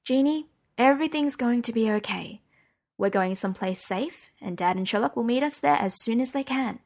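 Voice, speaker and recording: A woman reading the part of a calm, protective mother in an audiobook, soft and steady. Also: a little high, moderate pace, voice pushed up. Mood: soothing.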